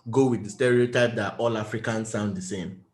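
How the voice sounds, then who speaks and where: A man's voice: fairly low pitch, fairly even intonation, fairly quick. Emphatic male podcast co-host, roomy echo. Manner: emphatic, repeats himself when making a point. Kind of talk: casual chat.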